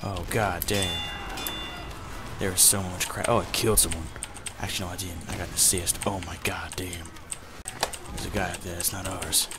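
A man putting on a forced, strained deep voice to narrate his gameplay, muttering and swearing as he plays and speaking to the viewers as "folks". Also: normal speed, close to an everyday voice. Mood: grumbling. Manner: mutters and swears while playing, addresses "folks". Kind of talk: gameplay commentary in a put-on voice. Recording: steady background noise with keyboard typing.

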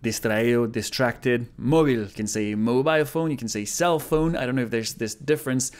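A man's voice: mid-range voice, normal speed. Chatty man reviewing a language app. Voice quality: chatty, amused, repeats phrases to study them. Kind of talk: casual explanatory review.

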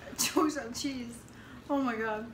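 Woman co-host, giggly casual banter, slow high bright voice, echoey room. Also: slight background noise. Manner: giggly, laughs between words. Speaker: co-host on a livestream. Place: indoors at a table during a livestream.

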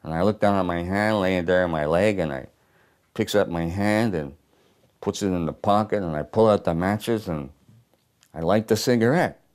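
A man's voice: low voice, moderate pace, darkish tone, lightly acted. A man playing a bitter, haunted old working-class war veteran who talks coarse, profane and ungrammatical in a theatrical stage monologue. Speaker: stage performer in a one-man play.

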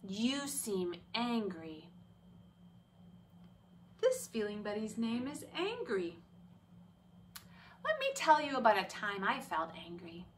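A woman teaching young children about feelings in a slow, gentle voice, sometimes whispering, and leading a sing-along. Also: medium pitch, sing-song, distant mic, a little hiss or hum. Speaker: special education teacher. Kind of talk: children's lesson.

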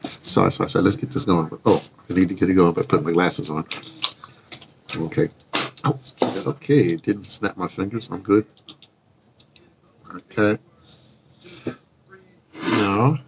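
Chatting loosely on a live stream outside in the cold, an older vlogger wanders off topic, corrects himself and chuckles in asides. He speaks low and a little slowly with vocal fry and frequent pauses, over background noise.

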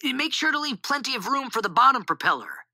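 A woman's voice: high voice, sing-song, a little fast, sharp tone, dry recording, voice pushed up, exaggerated voice. A woman doing an earnest, proper schoolboy. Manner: earnest and proud. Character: eager, proper older schoolboy brother.

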